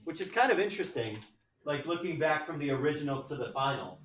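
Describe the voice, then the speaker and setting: A man's voice: on the high side, expressive, fast talker, fairly bright tone. A man teaching a math class, working problems aloud in a chatty, joking way. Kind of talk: classroom lecture. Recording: echoey classroom from far off.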